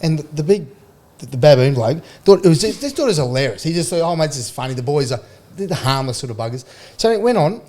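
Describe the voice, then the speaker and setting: A man's voice: a little high, lively intonation, fast, a little mellow. A middle-aged Australian man, a former footballer, telling rambling stories in a studio chat, with restarts and laughter. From Queensland, Australia. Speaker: podcast guest, former rugby league player. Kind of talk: casual storytelling chat. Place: radio studio.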